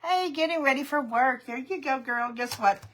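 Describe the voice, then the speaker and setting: A woman's voice: sits high, normal speed, fairly bright tone. A woman hosting a live craft stream, chatting casually, greeting viewers by name and laughing often. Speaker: craft livestream host. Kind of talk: casual livestream chat.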